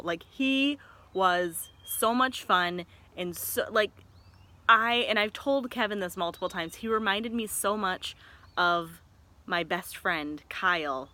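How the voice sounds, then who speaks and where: A woman in her thirties from Michigan, telling a story in a casual vlog with chatty, excitable rambling and frequent self-corrections. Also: fairly low pitch. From Michigan, USA. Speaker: vlogger.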